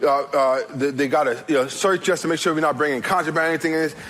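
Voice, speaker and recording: High-voiced, animated male pastor. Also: low-quality recording. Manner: animated, many quick restarts and repeated words; acts out voices in his stories, rising to emphatic peaks. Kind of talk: storytelling sermon.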